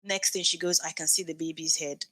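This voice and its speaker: A woman's voice: sits low, fairly quick, dry recording. A woman in her thirties, a podcast guest, telling an emotional birth story and acting out the dialogue. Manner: animated, acts out quoted dialogue.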